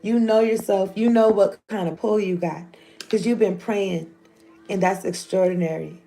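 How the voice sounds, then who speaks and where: A woman's voice: medium pitch, steady tone, moderate pace, creaky, mellow, soft background music. A woman, giving a loose, joking, profane tarot reading. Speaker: tarot reader.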